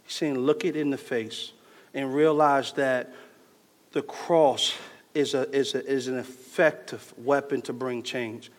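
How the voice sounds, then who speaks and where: A man preaching a sermon in a casual, slangy way, swinging between loud bursts and hushed lines. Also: medium pitch. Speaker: pastor. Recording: long hall reverb.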